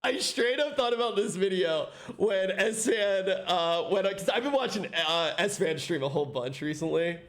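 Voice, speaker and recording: A man's voice: sits high, unhurried, few pauses. A man streaming in casual chat, reacting to a video and telling stories with lots of laughter and swearing. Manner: animated storytelling, laughs often, swears.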